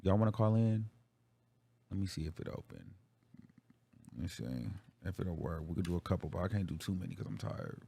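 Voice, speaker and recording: A man's voice: sits low, fairly quick, gravelly, pauses often, mellow, breathy edge. A man hosting a livestream, talking casually and bluntly to his viewers with plenty of profanity. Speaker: livestream show host.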